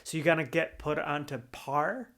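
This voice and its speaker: A man's voice: a little high, moderate pace, vocal fry, a bit bright. A man co-hosting a pop culture podcast in casual chat, easygoing and swearing freely. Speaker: podcast co-host.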